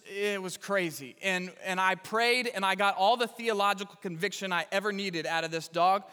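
A man's voice: high-pitched, pushed and bright. A male pastor giving a sermon with stories and self-deprecating humor, speaking in a large church hall. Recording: reverberant hall.

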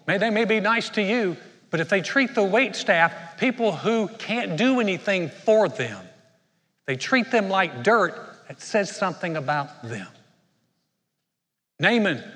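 A pastor preaching a sermon to a congregation, retelling a story in lively fashion and acting out the characters. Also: male voice, sits high, in a large hall. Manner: animated storytelling, acts out characters.

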